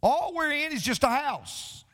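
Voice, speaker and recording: A male pastor delivers a sermon in a high, animated voice that leaps around in pitch. He mixes jokey stories with scripture and stumbles into the odd restart. The sound carries a long reverb from a church sanctuary. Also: unhurried. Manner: storytelling preacher mixing jokes with scripture, animated delivery; occasional stammering restarts.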